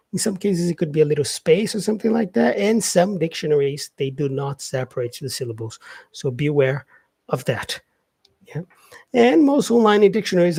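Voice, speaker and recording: Husky man teaching English with fillers. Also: a little high, a little mellow, dry recording. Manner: unscripted, many fillers and "yeah" tags, repeats words slowly as examples. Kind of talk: casual spoken lesson.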